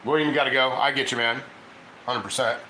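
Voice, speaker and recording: A man's voice: mid-range voice, fairly even intonation, fast, bright, forceful tone, a little hiss or hum. Chatty man in an echoey kitchen. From Ohio. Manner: rambling, chatty, reads viewer comments aloud. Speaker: cooking livestream host. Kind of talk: casual livestream chat while cooking.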